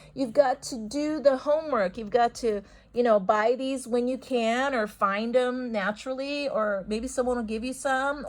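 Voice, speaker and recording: A woman's voice: sits high, rough recording. A woman talking casually about healing stones and affirmations, rambling and repeating herself for emphasis. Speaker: spiritual video host.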